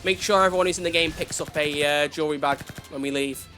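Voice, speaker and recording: A man streams a video game and chats casually with his viewers, often poking fun at himself. His voice is bright and a touch high. Faint music plays behind him. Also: fairly even intonation, quick pace. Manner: chatty, self-deprecating, talks to chat. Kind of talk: casual livestream chat.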